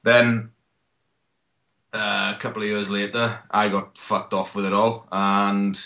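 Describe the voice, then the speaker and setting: A man's voice: on the low side, flat delivery, slow pace, pushed and bright. A man from Britain chatting as a podcast guest, rambling and swearing, laughing often. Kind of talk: casual chat. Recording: dull lo-fi podcast audio.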